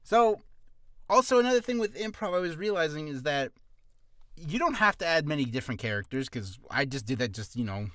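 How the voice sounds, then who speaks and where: A young man rambles through voice-acting advice in an animated, self-mocking way, his tone bright and lively. His voice sits a little high, recorded close and dry. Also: fairly quick, no room sound. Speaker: voice actor vlogger. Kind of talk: casual tutorial chat.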